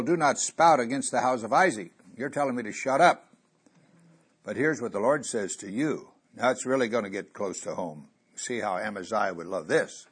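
A man preaching a sermon, telling a Bible story and getting louder when he quotes scripture. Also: mid-range voice, slightly rough. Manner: animated, rising loud on quoted scripture.

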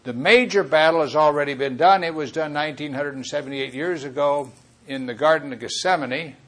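A man's voice: fairly high pitch, brisk, fairly bright tone. A man preaching a Bible teaching sermon, earnest and rambling, often correcting himself mid-thought.

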